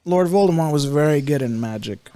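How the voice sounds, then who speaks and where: A man co-hosting a casual podcast, his voice a little higher than most men's. He jokes, swears freely and teases his co-host. The recording is close and dry. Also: expressive, fairly quick, warm tone, dry recording. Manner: joking, swears freely, teasing. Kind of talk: casual chat.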